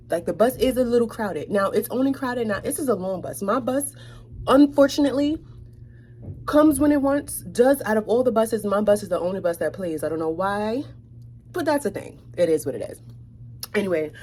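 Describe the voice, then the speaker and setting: A young woman from New York telling a storytime tale in a sassy, animated way, dropping to whispered asides. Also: mid-range voice, a little hiss or hum. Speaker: vlogger. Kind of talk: storytime chat.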